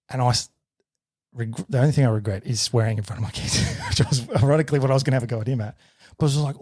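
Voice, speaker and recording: A man in his thirties with an Australian accent, a podcast co-host telling a story in a sweary, animated way. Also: mid-range voice, fast talker, no echo, studio quality. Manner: sweary, animated retelling with shouted quotes. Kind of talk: casual storytelling.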